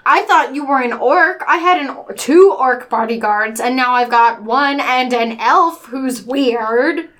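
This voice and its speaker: A woman playing a tabletop game who trades quick, teasing banter. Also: high voice, fairly bright tone. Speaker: player.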